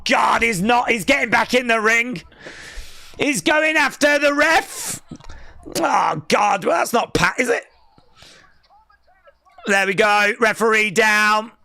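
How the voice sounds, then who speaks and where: A man's voice: high-pitched, gravelly, sharp tone, no echo. A man hosting a live wrestling watch-along with teasing, sarcastic play-by-play. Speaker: live stream host.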